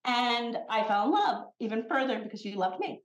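A woman's voice: a little high, normal speed, reverberant, low-quality recording. A woman who founded a skincare brand talks as a podcast guest in a casual chat. She tells stories with energy and acts out the quotes. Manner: animated storyteller, acts out quotes.

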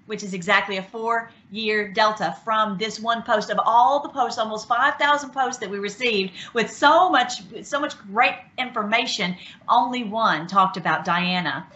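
A woman hosting an online show, talking casually and excitedly, with many restarts and fillers. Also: a little high, normal speed, hardly any pauses. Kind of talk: casual talk commentary. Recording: dull lo-fi sound.

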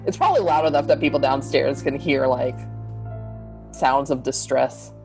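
Very low-voiced woman, chatty player. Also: normal speed, a little mellow, soft background music. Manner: loose and chatty, many filler likes. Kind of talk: describing her character in a tabletop game.

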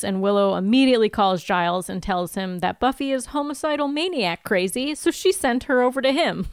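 Woman recapping a show, smooth clear voice. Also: medium pitch, dry recording, clean studio sound. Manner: lively storyteller who acts out characters' lines. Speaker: podcast co-host. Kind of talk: casual chat, recapping an episode.

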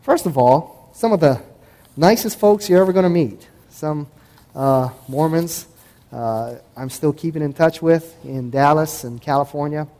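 A man giving a conversational talk to an audience as a host and Christian apologetics speaker, acting out past dialogues in quick voices. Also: on the high side, mellow. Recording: echoey hall with long reverb.

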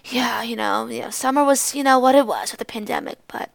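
A woman's voice: fairly high pitch, fairly quick, creaky, no echo, clean studio sound. A young woman voicing an overeager male college acquaintance who gushes, repeats himself and over-apologizes. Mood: gushing.

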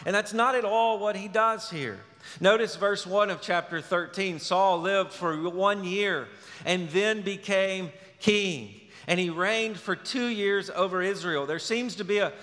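A male pastor preaching a sermon, telling a story in a relaxed, conversational way. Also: high voice. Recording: long reverb of a large hall.

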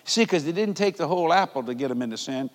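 Male TV preacher, high lively voice swinging wide, folksy and fervent, reverberant church hall. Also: quick pace. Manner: fervent, shouting peaks, folksy grammar. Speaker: televangelist preacher. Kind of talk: televised sermon.

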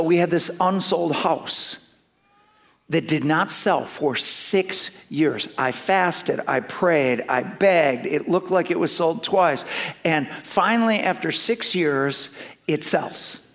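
A middle-aged man preaching a sermon, telling personal stories with lively swings from loud emphasis to hushed asides. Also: on the high side, slow pace. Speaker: pastor.

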